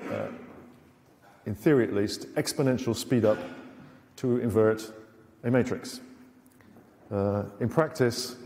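A man's voice: lowish voice, dark tone. A middle-aged British man giving a technical conference lecture in a university lecture theatre, with dry sarcastic asides and many fillers. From Britain. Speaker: conference speaker. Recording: reverberant lecture hall.

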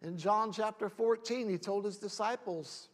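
Male pastor preaching, really high voice, gets loud then goes soft. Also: moderate pace. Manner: passionate preaching that swings from loud shouts to quiet talk. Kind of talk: sermon. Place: church.

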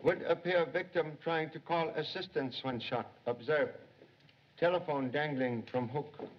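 A composed, sage detective in an old film, his voice sitting a little high. He speaks in terse, clipped sayings that drop the small words. The sound is dull and lo-fi, like a 1930s soundtrack. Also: measured pace. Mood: deductive. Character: calm, wise middle-aged male detective.

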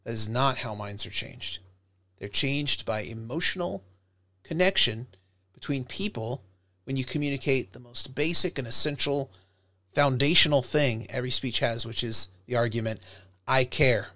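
A middle-aged man, a professor, giving an animated, direct lecture on public speaking to his students, recorded close to a webcam mic. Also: mid-range voice, normal speed, no room sound. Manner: animated, direct, demonstrates tones by acting them out.

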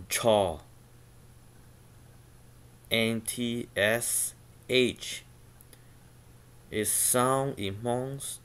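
A man teaching a pronunciation lesson, slowly sounding out syllables one at a time and repeating them. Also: medium pitch. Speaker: language teacher.

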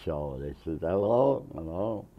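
A man's voice: sits low, animated, unhurried, husky, highs cut off. A man in his nineties, a Navy veteran, telling a long rambling story in an oral history interview, chuckling and acting out the quotes. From Massachusetts, USA. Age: 90s.

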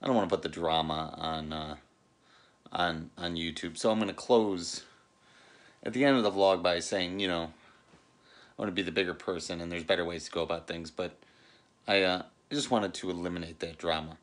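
A man's voice: low-pitched, fairly even intonation, moderate pace. A middle-aged man talking casually to camera as a family vlogger, joking one moment and earnest the next. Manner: joking, turning earnest and reflective. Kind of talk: casual vlog chat.

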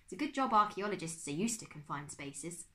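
A blustery, jolly archaeologist uncle who huffs and exclaims, as a woman reading a storybook aloud puts him on. The voice is bright and lively, rising high on each exclamation. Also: brisk. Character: eccentric adult male archaeologist uncle, blustery.

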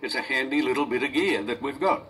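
A man in his eighties hosting talk radio, answering a hostile caller in a measured but indignant way. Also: mid-range voice, sharp tone. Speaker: radio host. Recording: distant radio recording with faint noise.

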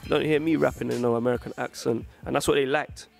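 A man's voice: medium pitch, steady tone, quick pace, vocal fry, soft background music. A young man from England, a rapper chatting casually in an interview, full of street slang and "you know what I'm saying". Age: young adult.

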